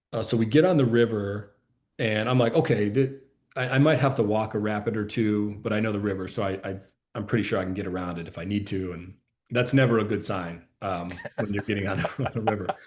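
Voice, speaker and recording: A man from Ohio, a podcast guest, answering in a measured way with frequent ums and you-knows. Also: on the low side, darkish tone. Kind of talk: casual interview chat.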